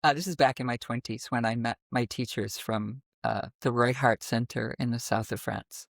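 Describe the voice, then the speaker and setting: A woman from the American Midwest with a naturally deep voice, an interview guest telling her story expressively and animatedly. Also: normal speed, creaky, no echo, clean studio sound. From middle of the United States. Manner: expressive, animated storytelling with sudden vocal demonstrations. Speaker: guest, voice teacher. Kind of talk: conversational interview.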